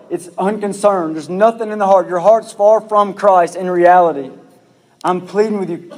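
A man's voice: high-pitched, a little mellow. A man preaching a sermon as pastor, earnest and pleading, repeating his phrases for emphasis. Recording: long reverb of a hall.

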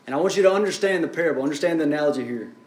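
A man's voice: fairly high pitch, animated, very fast, roomy sound. A man preaching a sermon as pastor, building up and easing off in intensity. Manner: preaching with rising and falling intensity.

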